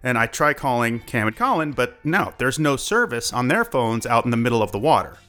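A young man telling a personal story in a chatty, animated way, full of likes and uhs. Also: mid-range voice, a little fast. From United States. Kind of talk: casual first-person storytelling.

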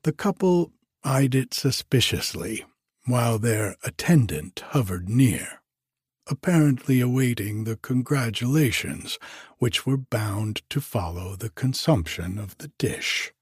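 A man reading a story aloud in a measured audiobook narration. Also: mid-range voice, expressive, no echo, studio quality. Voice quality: husky.

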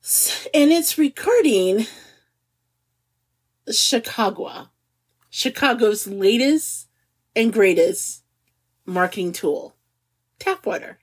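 A woman in her forties chats on a podcast with a slightly husky, breathy tone. Her pitch swings widely as she jokes. She laughs easily and speaks with no regional accent. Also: slow, pauses often. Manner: animated and giggly, laughs often. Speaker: podcast co-host. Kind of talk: casual chat.

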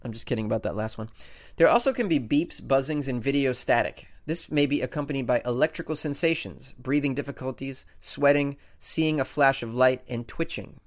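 A man's voice: mid-range voice, brisk. A man hosting a comedic talk radio show, riffing sarcastically on odd news stories and reading them out with mock disbelief. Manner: sarcastic, joking, mock-incredulous.

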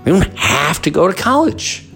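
A man's voice: fairly high pitch, sing-song, moderate pace, a bit bright, soft background music. A middle-aged man hosting a podcast, talking through an impassioned, preachy solo monologue. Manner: impassioned, preachy rant with emphatic swings. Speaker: podcast host.

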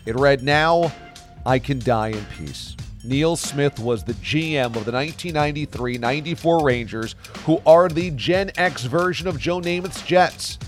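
Male sports-podcast host, a bit high-pitched, punchy and dramatic on the scripted open. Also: moderate pace, faint music behind. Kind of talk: scripted narration and interview.

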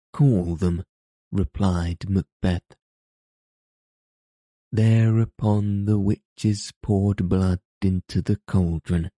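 A man reading a classic tale aloud as narrator, in a slow, measured way. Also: deep voice, mellow, no room sound. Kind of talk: storybook reading.

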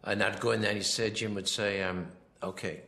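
A film director giving a rambling commentary, full of anecdotes, often quoting himself and others. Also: male voice, fairly low pitch, flat delivery, a little fast, bright, forceful tone.

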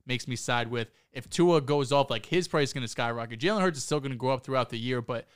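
A man's voice: medium pitch, fast, smooth, no echo, studio quality. A man co-hosting a sports podcast, chatting casually and teasing the others with playful banter. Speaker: podcast co-host.

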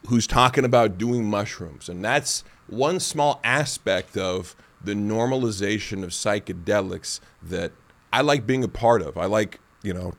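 A man hosting a podcast, talking in a rambling casual way with many fillers. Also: lowish voice. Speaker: podcast host. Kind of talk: casual chat.

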